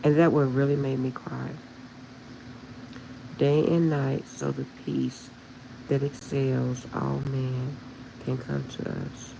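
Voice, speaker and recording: Gravelly-voiced woman chatting with viewers. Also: rumbling low, flat delivery, slow, long pauses, background noise. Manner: heartfelt, emotional, talks straight to viewers. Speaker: spiritual livestream host. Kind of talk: casual livestream chat with viewers.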